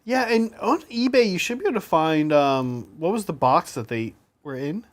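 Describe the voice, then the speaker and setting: A man's voice: a little high, expressive, moderate pace. A man hosting a casual tabletop gaming chat, reading out and thanking viewer comments. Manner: reads viewer comments aloud, thanks them. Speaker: podcast host reading chat.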